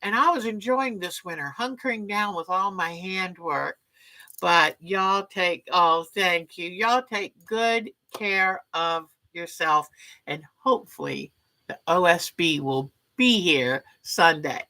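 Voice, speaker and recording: A woman hosts a quilting livestream, chatting casually, greeting viewers by name and offering warm sign-offs. Her voice sits on the low side and moves slowly, captured in a rough recording.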